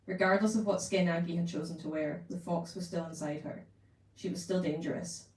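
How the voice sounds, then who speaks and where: A woman's voice: on the low side, fairly even intonation, a little fast, darkish tone. Woman reading aloud in a roomy shop. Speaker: author reading her book. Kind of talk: live book reading. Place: bookshop event room. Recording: roomy room, distant mic.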